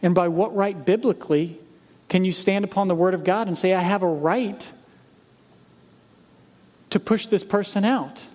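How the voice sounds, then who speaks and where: A man preaching as a pastor, speaking earnestly to his congregation and reading scripture slowly with emphasis. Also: high voice, darkish tone. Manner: earnest, direct appeals to the congregation. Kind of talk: sermon. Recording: long hall reverb.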